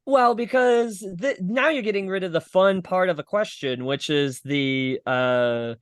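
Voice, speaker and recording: A man's voice: high voice, measured pace, clear, resonant tone, no room sound, clean studio sound. A young man, a stand-up comedian, chatting casually as a podcast guest, swearing freely and rambling through his explanations.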